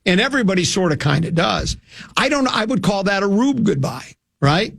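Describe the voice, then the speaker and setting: A man's voice: high-pitched, very animated, normal speed, vocal fry, a bit bright, no room sound, studio quality. An older man from hosting a radio show, telling a rambling, self-mocking anecdote with many restarts. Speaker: radio host.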